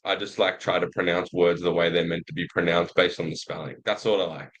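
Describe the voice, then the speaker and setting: A man's voice: sits low, steady tone, a little fast, fairly bright tone, dull audio. A young Australian man cohosting a betting show, talking in an easygoing, hesitant way with lots of fillers. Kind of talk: casual betting chat.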